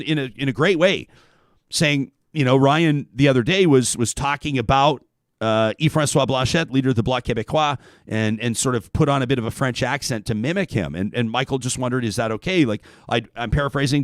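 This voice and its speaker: A man hosting a talk show, chatting casually and reading listener emails aloud in an animated way. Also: mid-range voice, no echo, clean studio sound. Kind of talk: radio talk show monologue.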